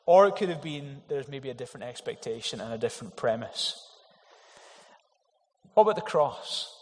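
A man's voice: medium pitch, animated, normal speed. A man preaching a sermon, earnest and emphatic, with rhetorical questions to the congregation. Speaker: pastor. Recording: long hall reverb.

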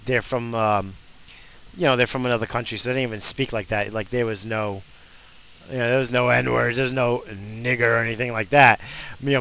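A man rambles on from behind the wheel of his car, with his voice at a middle pitch. His talk is loose, crude and full of swearing, and he drifts from one thought to the next. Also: a bit bright. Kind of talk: rambling casual monologue. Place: in a car while driving.

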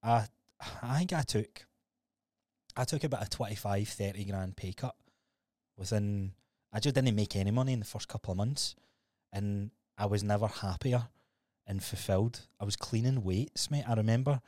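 Low-voiced man, casual storytelling. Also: normal speed, no echo, clean studio sound. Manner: swearing, storytelling, animated retellings. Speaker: podcast co-host. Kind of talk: casual chat.

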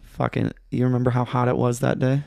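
A man's voice: mid-range voice, completely flat delivery, fairly quick, gravelly, darkish tone, no echo, studio quality. A young man from Michigan, a podcast guest telling a story in a laid-back, rambling way, swearing a lot. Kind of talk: casual chat.

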